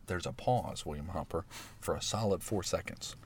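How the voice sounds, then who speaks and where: A man's voice: low-pitched, expressive, normal speed, a little hiss or hum. A man, animatedly telling a story in casual podcast chat, laughing often. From Alabama. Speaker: podcast guest.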